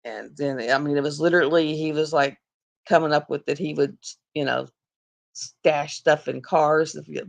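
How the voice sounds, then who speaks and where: A woman's voice: sits low, steady tone, moderate pace, vocal fry. A middle-aged woman, hosting a casual live chat and rambling through stories with frequent laughter. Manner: rambling, laughs often, acts out other people's voices. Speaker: livestream host.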